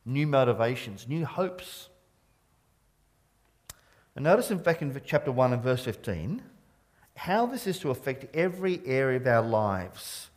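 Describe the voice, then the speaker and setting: A man's voice: medium pitch, a little mellow. Middle-aged preacher guy, australian accent w a bit of scottish left, earnest, voice swings up and down a lot, stumbles over words. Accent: Australian with a trace of Scottish. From Scotland. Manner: earnest and emphatic, with stammered restarts. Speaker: pastor. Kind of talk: sermon.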